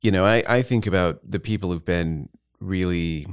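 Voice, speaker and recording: Brief: male pastor host, lowish voice, measured and pausing, dry close studio sound. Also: clean tone, no echo. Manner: measured and thoughtful, with pauses. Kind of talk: casual podcast conversation. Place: podcast studio.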